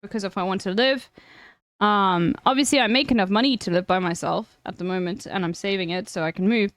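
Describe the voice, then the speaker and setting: A woman's voice: mid-range voice, fairly quick, fairly bright tone, dry recording, clean studio sound. A woman streamer chatting frankly with viewers, giving blunt advice and swearing freely. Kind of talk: casual chat with viewers.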